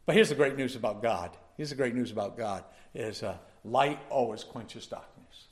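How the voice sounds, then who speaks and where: A man's voice: medium pitch, normal speed. Man preaching a folksy sermon. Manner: folksy storytelling, building to emphatic preaching. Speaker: pastor.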